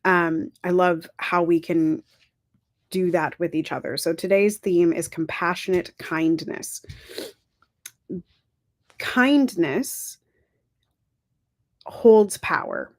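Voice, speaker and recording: A woman's voice: on the low side, takes it slowly, long pauses, no room sound. A woman hosting a casual livestream, talking in a chatty, encouraging way, correcting herself as she goes, her throat dry. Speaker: livestream host.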